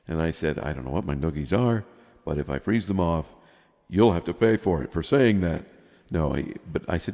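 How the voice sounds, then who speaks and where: A man's voice: extremely low pitch, a little fast, darkish tone, in a large hall. A man in his fifties telling a long rambling story in casual chat, laughing as he goes. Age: 50s. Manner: rambling, laughs often while telling stories. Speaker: podcast co-host.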